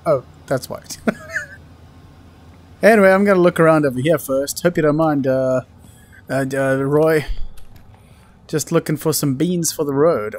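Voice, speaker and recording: Playful, high-voiced gaming host. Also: male voice, a little slow, long pauses. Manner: playful, laughs often, jokes at the game. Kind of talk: let's play commentary.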